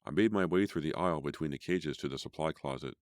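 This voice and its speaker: Very deep-voiced male narrator, dry. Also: quick pace, no room sound. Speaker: audiobook narrator. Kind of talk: scripted narration.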